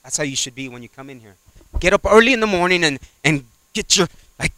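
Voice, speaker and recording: A man preaching a sermon, swinging from loud exhortation to quiet asides and acting out little dialogues. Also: sits high, animated, a little fast, no echo. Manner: acts out little dialogues in character voices.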